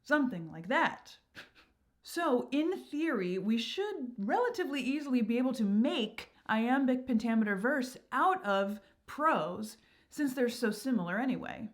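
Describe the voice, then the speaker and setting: Woman, higher-pitched voice, upbeat, teacherly, explaining verse. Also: expressive, measured pace. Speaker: channel host.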